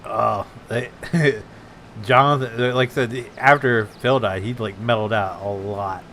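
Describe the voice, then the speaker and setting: Gravelly-voiced man in casual chat. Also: fairly low pitch, fairly even intonation, a little slow, pushed and bright, slight background noise. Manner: laughs often while retelling TV scenes. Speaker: gaming channel host. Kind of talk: casual chat while gaming.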